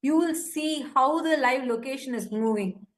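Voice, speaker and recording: A woman's high, bright voice carries an urgent appeal over a live stream at a moderate pace. Impassioned, she pleads with her listeners and grows indignant toward her critics.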